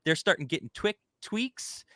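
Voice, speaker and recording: A man hosting a casual podcast chat, talking in an animated, rambling way and acting out the people he quotes. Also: fairly high pitch, normal speed, dry recording, clean studio sound. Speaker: host.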